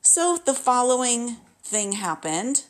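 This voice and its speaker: A woman's voice: on the high side, very animated, slow pace. A woman in her late fifties telling a personal story in a candid, emotional way, often repeating herself. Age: 50s. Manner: candid, emotional, repetitive retelling.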